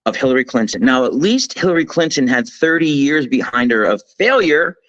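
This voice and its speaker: A man talking as a guest commentator on a political talk show, emphatic and animated, telling things as a story with frequent restarts. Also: mid-range voice, brisk, no room sound, muffled recording.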